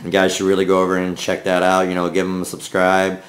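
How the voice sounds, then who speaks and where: A man's voice: low voice, monotone, quick pace. A man with a Minnesotan accent, raised in the American South, hosting a casual knife vlog in a rambling, folksy way with lots of fillers. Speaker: knife review channel host.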